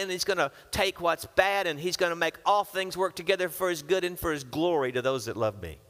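A man preaching, his voice carrying a long reverb tail from a large hall. He reads scripture aloud, then drops into casual, playful asides where he voices the characters himself. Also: fairly high pitch. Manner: lively, acts out characters with casual modern asides. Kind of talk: sermon with Bible reading.

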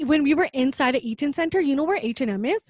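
A young woman telling a story in casual chat, animated and full of fillers, acting out what people said. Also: high-pitched, fast talker, no room sound. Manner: animated storytelling with many fillers and acted-out quotes.

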